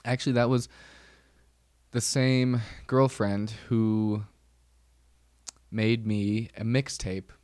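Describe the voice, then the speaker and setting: A man's voice: on the low side, level tone, slow pace, long pauses, a little mellow, clear, resonant tone, no room sound, clean studio sound. A young man hosting a podcast, telling wry stories in a rambling, casual way with lots of fillers. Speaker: podcast host. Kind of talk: casual solo chat.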